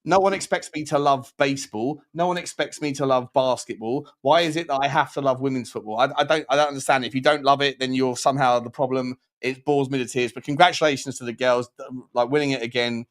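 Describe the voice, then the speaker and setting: A man's voice: mid-range voice, steady tone, fast talker, hardly any pauses. A man hosting a casual fan chat show, blunt and opinionated, often stammering and restarting. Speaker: podcast host.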